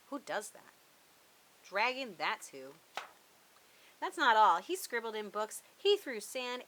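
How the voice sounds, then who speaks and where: A woman reads a children's picture book aloud in a bright, crisp voice. She sits a little high and swoops widely in pitch. She is playful, with dramatic pauses for effect. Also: low-quality recording. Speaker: children's storyteller.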